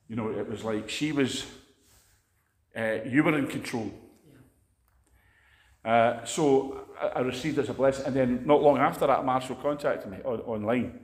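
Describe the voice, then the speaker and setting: A Scottish man preaches in a loose, chatty sermon, spinning stories as he goes. His voice sits at a middling pitch. The recording carries a noticeable roomy echo. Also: normal speed, pauses often. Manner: chatty, anecdotal storytelling. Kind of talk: conversational sermon.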